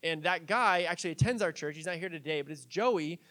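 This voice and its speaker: A man's voice: fairly high pitch, fairly quick, sharp tone. A young man preaching a sermon in a casual, conversational way, telling stories with fillers and light jokes. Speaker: pastor.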